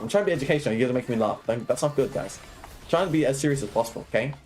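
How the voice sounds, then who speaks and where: In a medium-pitched, animated, slightly mellow voice, a young man gives live commentary while coaching a video game, faint music in the background. He moves fast, explaining each play, checking with viewers via "right?" and "okay?", and bantering with chat.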